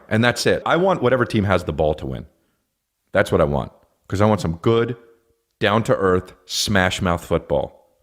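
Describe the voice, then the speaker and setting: Animated, profane man ranting. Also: low voice. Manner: profane, animated, acts out silly voices. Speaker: podcast host. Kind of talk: comedic rant.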